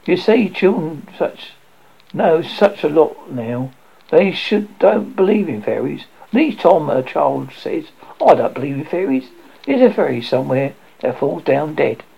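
Reader's take on a cocky storybook boy, bouncy and eager, husky gravelly tone, muffled lo-fi sound. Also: mid-range voice, lively intonation, a little slow, dark tone, heavily acted. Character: boastful boy hero, lively and cocky. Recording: dull lo-fi recording.

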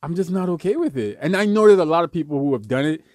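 In a dry, clean studio recording, a young man co-hosting a podcast talks fast in a fairly high, expressive, slightly mellow voice. The chat is casual and rambling, full of jokes, fillers, and restarts.

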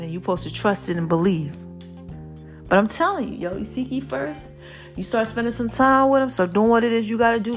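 A woman hosting a casual motivational podcast, short of breath, chatty and preachy, now and then breaking into song. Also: medium pitch. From Brooklyn. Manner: preachy, chatty, sings snatches. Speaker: podcast host.

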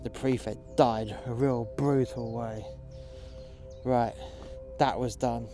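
A man narrating a first-person action story in a low-key, dramatic way with a lot of swearing. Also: steady tone, takes it slowly, music in the background.

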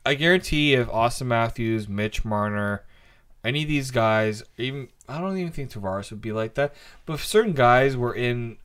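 A man's voice: mid-range voice, lively intonation, moderate pace, a bit bright, smooth. A man co-hosting a casual sports podcast, rambling and often restarting his thoughts with hesitant ums. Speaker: podcast co-host.

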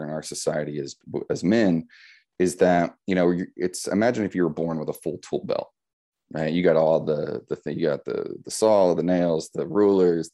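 In a relaxed podcast conversation, a middle-aged man with a very low, deep, dark and mellow voice reflects on his ideas. He explains them through metaphors and often ends his points with "right?".

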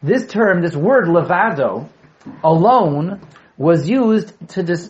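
A man's voice: sits high, darkish tone. A man teaching a Torah class, repeating key words, asking his students questions and joking with them. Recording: dull lo-fi classroom recording.

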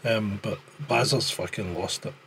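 A man's voice: lowish voice, fairly even intonation, moderate pace, gravelly, a loud crowd. A Scottish man in casual podcast chat, blunt and sweary, with a joking edge. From Scotland. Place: living in France.

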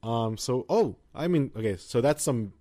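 A man's voice: mid-range voice, lively intonation, normal speed, warm tone. A man co-hosting a podcast in casual chat, laid-back and rambling, with the odd casual curse. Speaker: podcast co-host.

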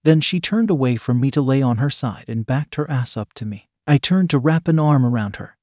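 A man narrating a first-person story in a steady, measured reading voice. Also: mid-range voice, dry recording, studio quality.

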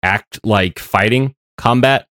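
Slow, deep-voiced man rambling in chat. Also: a bit bright, dry recording, studio quality. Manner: rambling, hesitant, many fillers and restarts. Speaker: podcast co-host. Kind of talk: casual chat.

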